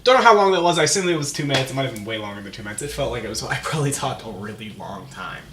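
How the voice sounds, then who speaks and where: A man's voice: medium pitch, expressive, racing, a bit bright, distant mic. A man improvises a comic story for his vlog, rambling, chuckling and poking fun at himself. He is recorded on a camera mic from across a roomy indoor space with a faint hum behind him. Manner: rambling, chuckling, self-mocking. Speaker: host.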